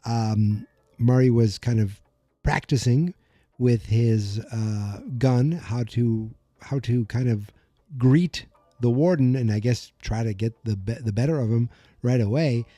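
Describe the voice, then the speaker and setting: A man's voice: medium pitch, measured pace, mellow, no room sound. A man hosting a podcast, recapping an episode in a chatty, rambling way and correcting himself as he goes. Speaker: podcast host. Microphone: desk microphone.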